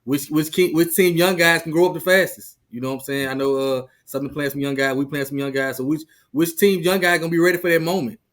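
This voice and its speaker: A man in his thirties talks sports in a rapid, tumbling rush, his voice sitting a little high. He restarts and repeats words as his excitement gets ahead of him. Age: 30s. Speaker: guest, rival team insider. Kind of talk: casual sports talk.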